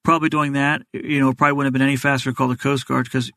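A man's voice: medium pitch, flat delivery, gravelly, sharp tone, no echo. A man, a doctor as a guest, explaining health matters in plain, practical terms. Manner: fast, plain-spoken explainer. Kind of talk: explanatory interview answers.

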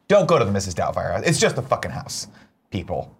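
A man hosting a casual chat show, talking in a fairly low voice. He jokes around, swears freely and throws in quick asides. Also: very animated, creaky, a little hiss or hum. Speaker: show host.

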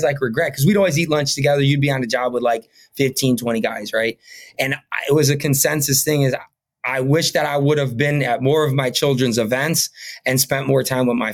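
Brief: a man at mid pitch, a podcast guest, earnest and rambling, full of fillers. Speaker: podcast guest, painting company owner. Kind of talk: casual interview talk.

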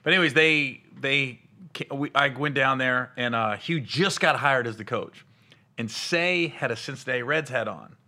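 A man's voice: mid-range voice, normal speed. A man hosting a podcast, telling stories in a loose, laughing way and acting out quotes. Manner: laughing, animated retelling with quoted voices. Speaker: podcast host and comedian. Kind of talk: casual podcast chat.

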